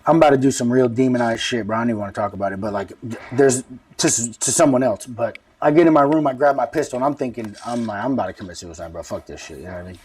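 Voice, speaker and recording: SoCal guy, 30s, quick slangy rambler, mic set back from him. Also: mid-range voice, a little mellow, husky, distant mic. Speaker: guest. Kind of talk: casual street-talk storytelling.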